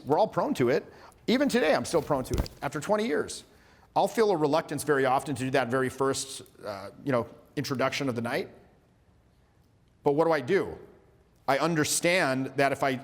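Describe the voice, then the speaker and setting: A man in his forties, a social skills coach giving a workshop lecture, talking in an animated, casual way with some swearing as he acts out short exchanges. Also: mid-range voice. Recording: long hall reverb.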